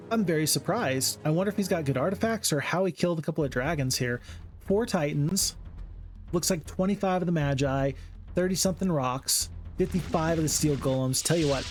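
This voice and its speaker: A man talks through a strategy-game playthrough in a casual, joking way, breaking into excited outbursts now and then. He sounds tired from the late hour, and his voice sits a little higher than most men's. Quiet game music plays underneath. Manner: chatty, jokey, excitable outbursts. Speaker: gaming commentator. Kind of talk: casual let's-play commentary.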